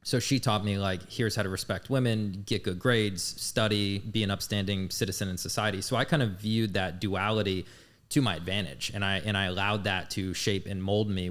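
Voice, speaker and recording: A fairly low-pitched man in his thirties shares his story as a podcast guest. He talks in a casual, candid way and swears without a second thought. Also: fairly bright tone. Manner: candid, blunt, swears freely.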